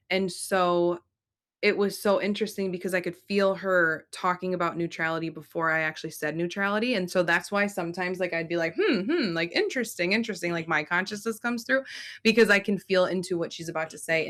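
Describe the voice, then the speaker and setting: A woman's voice: lowish voice, a bit bright. A woman host of a spiritual channeling session, speaking in an earnest, flowing, reflective way on a video call. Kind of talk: casual group video chat.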